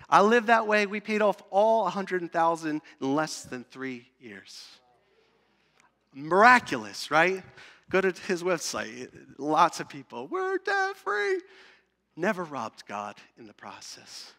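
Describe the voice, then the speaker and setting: A man preaching a sermon as pastor, emphatic, swinging between loud and hushed and asking the congregation questions. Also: high-pitched, long reverb tail. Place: church sanctuary.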